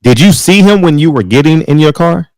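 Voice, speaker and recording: A man interviewing a guest, asking halting questions full of restarts and murmuring soft agreement while she talks. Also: a little high, expressive, no room sound.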